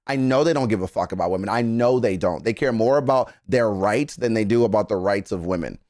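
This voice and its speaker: A man's voice: lowish voice, brisk, darkish tone, dry recording, clean studio sound. A man from Texas hosting a reaction video, talking casually and emphatically, with profanity and repeated phrases.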